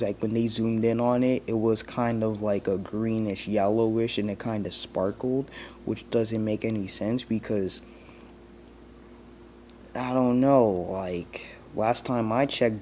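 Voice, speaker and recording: A young man vlogging a rambling rant, stumbling and restarting as he talks. His voice is fairly low and dark. A faint hiss sits under the recording. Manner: rambling, heavy use of "like", many restarts. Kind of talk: casual rant commentary.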